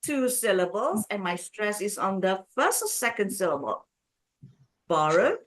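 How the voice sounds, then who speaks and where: A woman's voice: medium pitch, big pitch swings. A woman teaching an English lesson, drawing out words to model stress and asking learners questions. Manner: drawn-out modeling of word stress. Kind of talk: online business English lesson.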